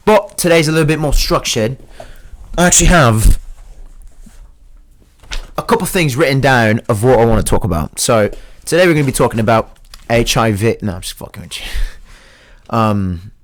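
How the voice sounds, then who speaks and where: A young man hosts a solo comedy podcast in a slightly low voice, talking in a put-on accent that is half British and half Australian. He rambles crudely and pokes fun at himself. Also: moderate pace. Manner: crude, rambling and self-mocking. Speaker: host. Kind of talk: joking solo podcast monologue.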